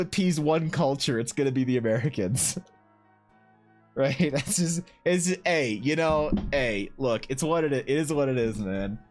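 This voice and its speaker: A young man talks casually to his stream viewers, his pitch swinging up and down as he rambles. He swears freely and fills his talk with likes and you-knows, over faint music in the background. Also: normal speed. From Canada. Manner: rambling, animated, swears freely, lots of fillers.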